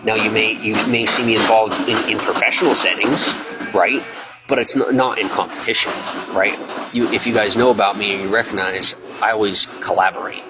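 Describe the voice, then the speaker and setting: A man's voice: fairly low pitch, steady tone, fairly quick, over music, low-quality recording. A man talking at length on his own live stream, earnest and rambling with many restarts and fillers. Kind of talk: casual live stream monologue.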